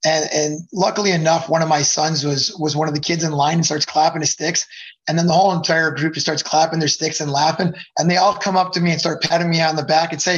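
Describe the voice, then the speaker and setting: A man's voice: on the high side, fairly even intonation, fast talker, fairly bright tone, lo-fi sound. A middle-aged man, a hockey coach, chatting as a podcast guest and rambling with many fillers and restarts. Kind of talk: casual podcast chat.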